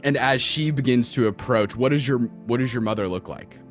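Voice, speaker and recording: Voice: medium pitch, normal speed, soft background music. A game master narrating a tabletop game, giggly and playful, improvising descriptions as they go.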